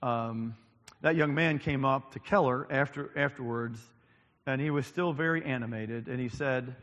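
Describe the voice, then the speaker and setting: A male pastor delivers a sermon in a mid-pitched voice, often pausing on ums and repeating key lines for emphasis. The sound carries through a large church sanctuary with long, trailing reverb, and it's a bit bright with the highs cut off.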